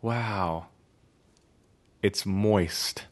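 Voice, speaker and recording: A man's voice: on the low side, very slow. A man giving casual, jokey let's-play commentary, wondering aloud as he plays a video game.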